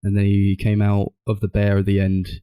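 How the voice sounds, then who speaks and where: A man's voice: on the low side, monotone, normal speed, mellow, clear, resonant tone, dry recording, low-quality recording. A man co-hosting a podcast, chatting casually about films in a rambling, hedging way. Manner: rambling, hedging, full of "like" and "I suppose". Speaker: podcast co-host. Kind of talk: casual film discussion.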